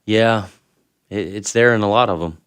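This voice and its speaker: A man's voice: lowish voice, moderate pace, fairly bright tone, clear, resonant tone, no room sound. A man co-hosting a radio show, chiming in with short, laid-back quips. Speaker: radio co-host. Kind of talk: casual on-air banter.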